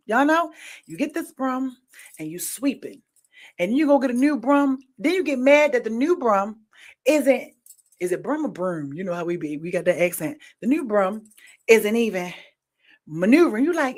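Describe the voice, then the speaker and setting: A woman podcast host in casual commentary, animated and preachy, rambling with slang. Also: on the high side, moderate pace.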